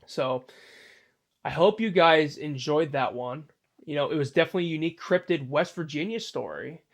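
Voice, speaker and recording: Male storyteller host, slightly higher voice, casual rambling delivery with fillers. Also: lively intonation, normal speed. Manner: loose, rambling, many fillers and restarts.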